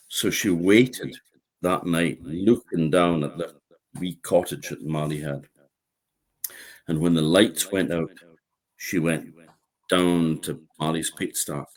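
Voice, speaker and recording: A man with an Orkney accent telling a folk tale in a lively, animated way. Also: sits low, slow pace, long pauses. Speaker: storyteller.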